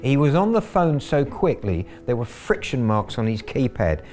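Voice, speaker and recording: A man's voice: mid-range voice, sing-song, normal speed, hardly any pauses, darkish tone, faint music behind. A man telling his story as a scambaiter in a documentary, wry and gleeful in his anecdotal telling.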